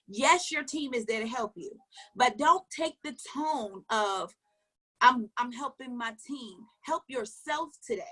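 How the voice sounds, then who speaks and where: A woman giving an emphatic motivational coaching talk, firing questions at her listeners, repeating key phrases and dropping into low asides. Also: pushed and bright, slightly rough. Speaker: network marketing coach.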